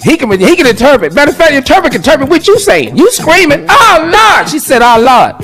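A man co-hosting a radio show, giving comic advice in animated banter, acting out quotes and laughing often. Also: very high voice, quick pace, soft background music.

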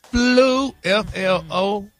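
A high-pitched, bright-sounding man, joking through a radio segment. His pitch leaps all over as he stumbles over a word, and light music plays underneath. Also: extremely slow. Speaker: radio show regular doing a word segment. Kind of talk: comedic radio banter.

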